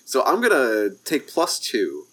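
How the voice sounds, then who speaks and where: Halting man playing a tabletop game. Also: medium pitch, huge pitch swings, fairly bright tone. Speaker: player. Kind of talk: tabletop role-play.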